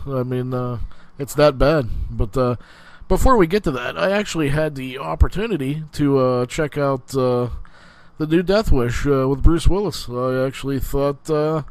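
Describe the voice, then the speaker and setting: A man hosting a podcast, telling a crude story in casual, profane chat, rambling with many fillers and restarts. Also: fairly high pitch. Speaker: podcast host.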